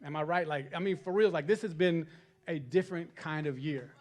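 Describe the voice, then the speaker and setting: A man's voice: on the high side, a little fast, a little mellow. A man doing a stand-up comedy set on stage, chatting and checking in with the crowd for agreement. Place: stage at a live comedy event.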